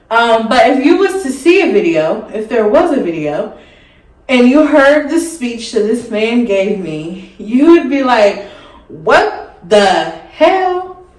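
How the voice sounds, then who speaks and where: Young woman vlogging, kinda high voice, takes her time, chatty and rambly, echoey room. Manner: chatty, rambling, frequent "like" fillers, candid. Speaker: beauty vlogger. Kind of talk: casual storytelling while doing makeup. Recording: echoey room, mic at a distance.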